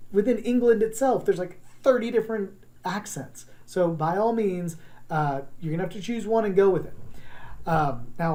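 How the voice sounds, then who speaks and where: Mellow-voiced teacher giving an encouraging lesson. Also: mid-range voice. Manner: encouraging, conversational, demonstrates sounds. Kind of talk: recorded class lesson on accents.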